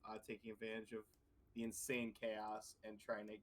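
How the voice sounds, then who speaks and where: A man's voice: lowish voice, completely flat delivery, normal speed, heavy background noise. A man playing a tabletop game, eagerly talking through his plans with the group. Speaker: player. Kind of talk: casual tabletop play.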